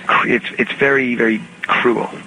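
A man giving a reflective, halting interview over the phone, with many restarts and a soft-spoken manner. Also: mid-range voice, steady tone, poor audio. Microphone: phone call recording. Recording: archival phone tape with music underneath.

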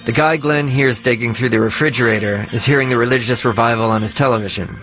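A man narrating a documentary in a measured, explanatory way. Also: medium pitch, fairly even intonation, a bit bright, soft background music.

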